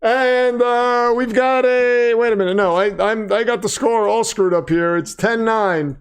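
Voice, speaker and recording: A man hosting a casual livestream, chatting and commentating, flustered at times and prone to excited outbursts. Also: very high voice, unhurried, clear, resonant tone. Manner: flustered, self-deprecating, breaks into excited shouts. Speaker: livestream host.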